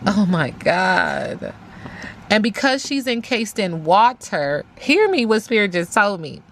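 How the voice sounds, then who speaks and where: A woman's voice: medium pitch, very animated, moderate pace, slight background noise. A woman giving a casual spiritual tarot reading, emphatic, talking aloud to spirit and repeating phrases. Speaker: tarot reader.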